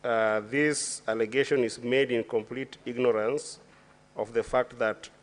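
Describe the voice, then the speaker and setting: A male senator with a Kenyan accent and a mid-range, fairly even voice questions a witness in a senate chamber. The hearing is formal, and he talks deliberately with frequent fillers and restarts.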